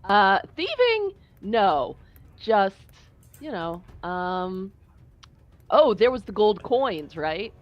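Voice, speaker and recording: A woman's voice: mid-range voice, sing-song, extremely slow, highs cut off. A woman playing a tabletop game, easygoing and matter-of-fact. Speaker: player. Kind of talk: casual tabletop game play.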